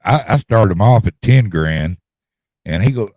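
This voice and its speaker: Man, drawling storyteller, deep voice, dead dry sound. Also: expressive, moderate pace, dark tone, no room sound. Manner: rambling, folksy, repeats words, drawls. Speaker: podcast host telling a story. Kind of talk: casual storytelling chat.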